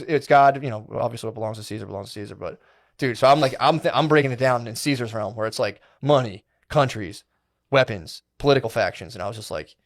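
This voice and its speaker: Fast-talking man telling a rambling story. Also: mid-range voice. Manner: rambling, profane, animated retelling with quoted inner voices. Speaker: podcast co-host. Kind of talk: casual storytelling.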